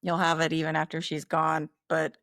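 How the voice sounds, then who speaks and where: Lower-voiced woman podcast co-host. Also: completely flat delivery, moderate pace, creaky, fairly bright tone, no echo, clean studio sound. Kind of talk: casual chat.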